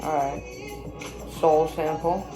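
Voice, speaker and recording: A woman's voice: low voice, fairly even intonation, takes it slowly. A woman casually reacting to her own songs, blunt, self-critical and swearing freely. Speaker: musician reacting to own album. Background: own music playing clearly.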